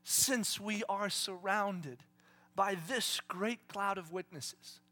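Male pastor, high and bright, dramatic sermon delivery from whisper to shout. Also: slow. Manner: swings from hushed whispers to shouted exclamations; dramatic, acts out voices of people in his stories.

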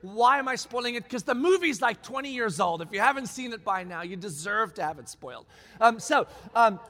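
High-voiced, animated male preacher. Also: a little fast. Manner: animated, acts out quoted lines, emphatic. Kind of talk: sermon storytelling. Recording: long reverb of a large hall.

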